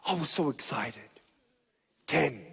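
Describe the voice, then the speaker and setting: A man's voice: medium pitch, animated, slow pace, gravelly, bright, forceful tone, husky. A young man giving a motivational talk to a live audience, telling a story and acting out both sides of the dialogue. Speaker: motivational speaker. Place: large stage venue. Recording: reverberant hall.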